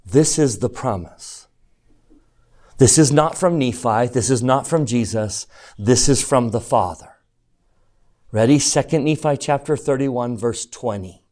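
A man teaching a classroom scripture lesson, emphatic and animated, asking the class questions and reading verses slowly and deliberately. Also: mid-range voice. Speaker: religion teacher.

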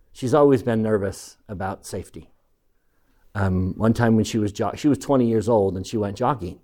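A middle-aged man giving a speech, telling personal stories in an animated way and acting out the people he quotes. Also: lowish voice, a little slow. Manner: animated storyteller, acts out quotes, chuckles through stories. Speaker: speaker addressing an audience.

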